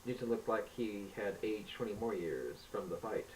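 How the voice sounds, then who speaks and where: A man reading a homemade adventure story aloud in a plain, steady way with small slips. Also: on the low side, moderate pace, distant mic, a little hiss or hum, low-quality recording.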